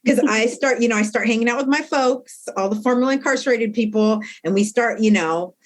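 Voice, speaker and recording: A woman speaking in a conversational interview as a re-entry activist, blunt and animated, acting out what others said. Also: a little high, fairly quick. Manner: blunt, animated storyteller who acts out quotes. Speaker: guest, formerly incarcerated re-entry activist.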